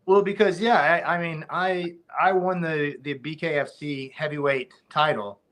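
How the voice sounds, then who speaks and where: A man's voice: on the high side, fairly even intonation, normal speed, a bit bright. Rambling man on a podcast. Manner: rambling, many restarts, laughs easily. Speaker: podcast guest, former fighter. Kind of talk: casual podcast chat.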